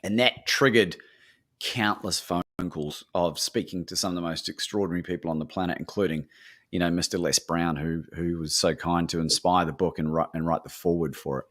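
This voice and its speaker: An Australian man, a guest courage coach, telling lively stories on a podcast and acting out the dialogue. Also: sits low, a little fast. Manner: animated storyteller, acts out dialogue. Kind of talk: podcast interview storytelling.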